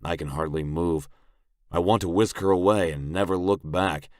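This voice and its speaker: Very deep-voiced male audiobook narrator. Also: normal speed, a little mellow, no room sound, clean studio sound. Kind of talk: first-person audiobook narration.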